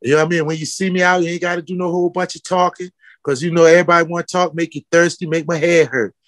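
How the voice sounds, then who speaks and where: Man, fiery, preaching, fairly high voice, dry close sound. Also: steady tone, rapid-fire, a bit bright, dry recording. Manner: fiery, preaching, calls people out with repeated questions. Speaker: footwear company founder. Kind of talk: passionate interview talk.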